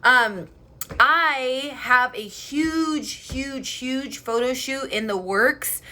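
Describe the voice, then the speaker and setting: A young woman vlogger chatting casually and excitedly, swearing freely as she tells a story. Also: sits high, drawn-out words. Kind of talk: casual chat. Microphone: headphone mic.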